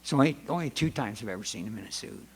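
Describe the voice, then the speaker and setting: A man's voice: on the low side, expressive, quick pace, slight background noise. A middle-aged American man speaking at a recovery meeting, telling family stories in a rambling, self-interrupting way and acting out the voices of his wife and son. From United States. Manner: rambling, self-interrupting storyteller who acts out family dialogue. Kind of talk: personal testimony talk. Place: meeting hall before an audience.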